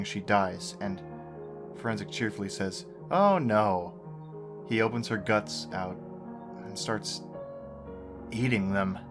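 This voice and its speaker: A man narrating a horror story, with dry, sarcastic asides. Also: on the low side. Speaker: creepypasta narrator. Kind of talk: story reading with commentary. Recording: guitar music under the voice.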